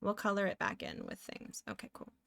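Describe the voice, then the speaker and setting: A woman's voice: brisk, a bit bright. Chatty woman streamer. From Canada. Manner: chatty, giggly, talks to herself while working. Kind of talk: casual chat while drawing.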